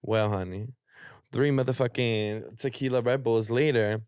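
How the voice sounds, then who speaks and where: A man's voice: mid-range voice, steady tone, measured pace, a little mellow, clear, resonant tone, no echo, studio quality. A young man, co-hosting a podcast with sassy, slangy banter. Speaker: podcast co-host. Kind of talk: casual chat.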